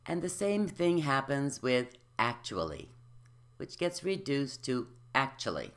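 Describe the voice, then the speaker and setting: A speech teacher explaining dropped syllables and modeling words and sentences slowly for the listener to repeat. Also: mid-range voice, expressive. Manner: slow, careful, explanatory, models each word. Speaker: elocution teacher. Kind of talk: slow instructional speech drill.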